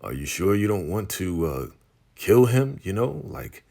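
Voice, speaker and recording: A man's voice: lowish voice, sing-song, a little slow, creaky, warm tone, voice pushed up, full character voice. A man doing a coaxing, menacing cult leader.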